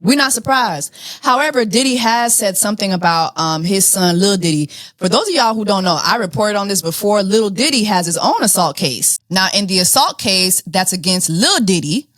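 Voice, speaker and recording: A woman hosting a podcast, talking through celebrity news in an animated, blunt, profane way. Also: medium pitch, moderate pace, no echo, studio quality. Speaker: podcast host. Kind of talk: casual celebrity news chat.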